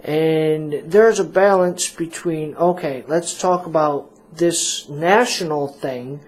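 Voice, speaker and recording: A man's voice: fairly high pitch, slow pace. A man hosting a casual radio talk show, rambling and joking at his own expense, with lots of fillers. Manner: rambling, self-mocking, full of fillers.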